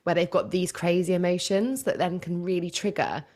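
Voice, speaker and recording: A woman's voice: fairly low pitch, normal speed, darkish tone. A young woman hosting a podcast, reflecting on parenting and prompting her guest with thoughtful questions. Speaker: podcast host. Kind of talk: conversational interview.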